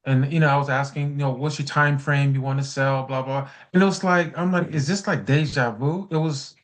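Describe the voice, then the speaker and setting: A man's voice: mid-range voice, fairly even intonation, a little fast. A man from South Carolina joining a coaching webinar, chatting casually and hesitantly with many fillers. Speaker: webinar participant. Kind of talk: casual chat.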